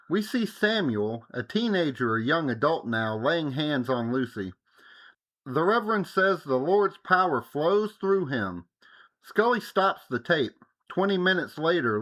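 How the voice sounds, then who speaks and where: A man's voice: fairly high pitch, a bit bright. A young adult man co-hosting a podcast, recapping an episode with joking asides. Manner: joking, summarizes plot with playful asides. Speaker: podcast co-host. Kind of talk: casual chat and episode recap.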